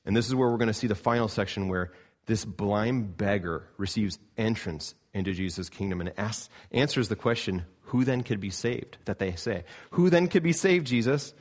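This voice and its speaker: A man, a pastor from Canada, preaching a sermon in an earnest style, rising to emphatic peaks and dropping low. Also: normal speed.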